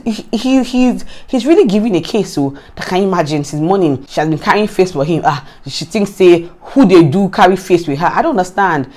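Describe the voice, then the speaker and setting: A Nigerian woman speaking at medium pitch vlogs a reality show recap. The commentary is lively and informal, with frequent exasperation and repetition.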